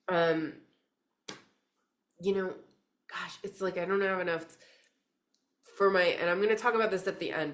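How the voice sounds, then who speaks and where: A woman with a slightly low voice gives a casual spiritual card reading straight to camera. She rambles and gushes, leaning hard on "like" and "freaking". She keeps pressing the listener to own their worth. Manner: gushing and rambling, heavy use of "like" and "freaking"; emphatic, urging the listener. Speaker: intuitive card reader.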